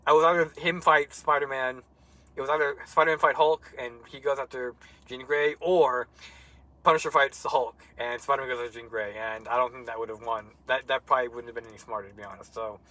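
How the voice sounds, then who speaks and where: A man's voice: medium pitch, steady tone, fairly quick, pushed and bright, poor audio. A young man in casual chat, ranting heatedly and swearing a lot as he co-hosts. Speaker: co-host.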